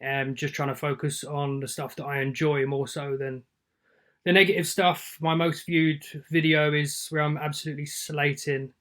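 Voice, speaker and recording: A man, a guest film reviewer chatting on a podcast in a relaxed, plain-spoken way. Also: fairly high pitch, normal speed. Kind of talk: casual podcast chat.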